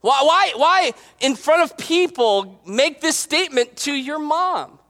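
A man preaching a casual, joking sermon in an animated, conversational way. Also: very high voice, slow pace. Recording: long hall reverb.

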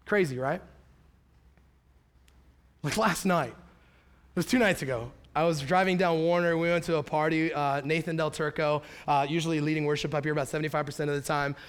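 High-voiced animated male pastor. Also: brisk, clear, resonant tone. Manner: animated storytelling, acts out quotes. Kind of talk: sermon. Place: church sanctuary. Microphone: handheld or headset mic.

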